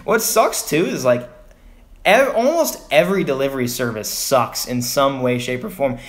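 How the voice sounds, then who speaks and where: A young man from Texas talks to his livestream viewers in a loose, rambling way. He sighs often and circles back to his frustration. His voice sits at an ordinary middle pitch. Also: expressive, moderate pace. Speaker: vlogger on a livestream. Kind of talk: casual livestream venting.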